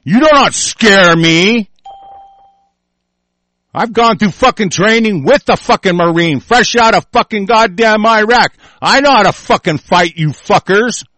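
A man's voice: high-pitched, normal speed, hardly any pauses, a bit bright, dry recording. A man hosting a talk radio show, delivering a furious, profane, threatening tirade. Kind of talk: angry on-air rant.

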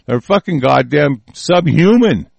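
Gravelly man on a heated rant. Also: fairly high pitch, expressive, measured pace, a little mellow, no echo. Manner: heated, profane, rambling with restarts. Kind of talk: ranting monologue.

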